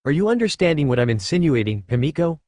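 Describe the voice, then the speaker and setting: A man voicing a calm, menacing villain mastermind. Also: fairly high pitch, dry recording, clean studio sound. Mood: coldly threatening. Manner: smooth, slow and threatening. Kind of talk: audiobook character voice.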